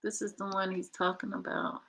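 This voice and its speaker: A woman hosting, pausing a played clip to comment and mutter playful asides to her viewers. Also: mid-range voice, little pitch movement, vocal fry, a bit bright, breathy edge, low-quality recording. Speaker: host reacting to a played interview.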